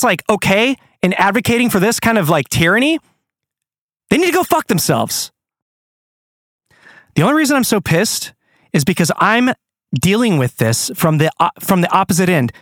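A man's voice: high voice, dry recording, studio quality. A man hosting his own show, ranting angrily with plenty of swearing. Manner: angry, profane, animated. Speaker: podcast host. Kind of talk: ranting monologue.

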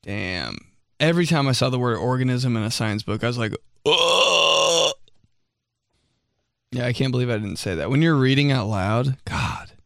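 A man's voice: medium pitch, animated, a little fast, no echo, studio quality. A man hosting a comedy show, reading out listener stories in a casual, joking way. He laughs often and slips into mocking voices.

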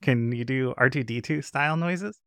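A man hosting a podcast in relaxed, casual chat, hesitant, with frequent restarts. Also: mid-range voice, moderate pace, no room sound, studio quality. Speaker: podcast host.

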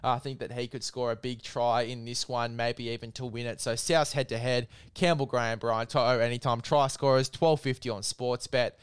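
A man's voice: medium pitch, steady tone, moderate pace, few pauses, clear, resonant tone, dry recording, studio quality. A man hosting a casual sports preview, chatty and matey, hyping a sponsor. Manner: chatty, matey, plugs a sponsor with mock hype. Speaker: sports podcast host.

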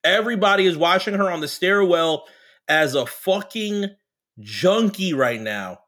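A man co-hosting a casual TV recap podcast, talking animatedly and breaking into loud put-on character voices. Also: sits high, lively intonation, a little slow. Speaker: podcast co-host.

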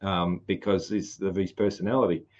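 A man's voice: deep voice, steady tone, moderate pace, muffled recording. A man with a broad Australian country accent, hosting a casual podcast chat, rambling and laughing often. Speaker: podcast host.

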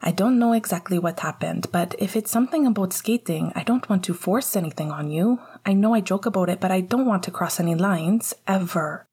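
A woman's voice: on the low side, a little fast, hardly any pauses, slightly rough. A woman playing a teasing young hockey captain. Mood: earnest. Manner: light teasing, turning soft and worried. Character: easygoing young male hockey captain, teasing but caring.

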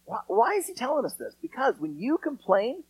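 A man preaching a sermon in a casual, conversational way, acting out quotes with lively storytelling. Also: very high voice, fairly quick, husky, no echo, low-quality recording. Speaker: pastor.

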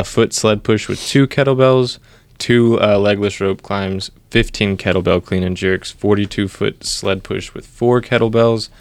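A man's voice: lowish voice, no room sound. A man co-hosting a fitness podcast, listing workout details in a methodical way. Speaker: podcast co-host. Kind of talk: casual chat.

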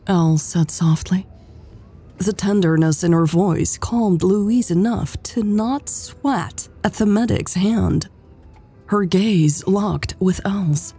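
A woman narrating a romance audiobook in a slow, measured reading. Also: fairly low pitch, creaky, dark tone, husky, soft background music. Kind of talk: scripted narration.

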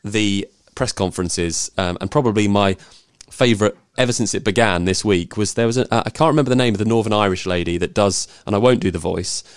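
A man's voice: on the low side, a little fast, clear, resonant tone, dry recording, clean studio sound. A man hosting a casual chat, rambling and repeating words as he goes. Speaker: host.

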